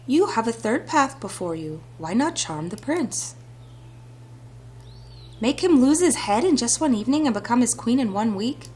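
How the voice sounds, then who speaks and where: A woman reading aloud as a mysterious lake fairy spirit, slow, hushed and measured. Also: a little high, expressive, a little hiss or hum, natural voice. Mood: coaxing. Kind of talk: reading visual novel dialogue aloud.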